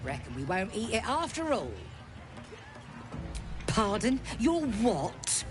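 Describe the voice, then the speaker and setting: A woman voicing a brash goblin who runs a chicken-chase game, gruff, bossy and taunting. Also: fairly high pitch, big pitch swings, slow. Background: game music.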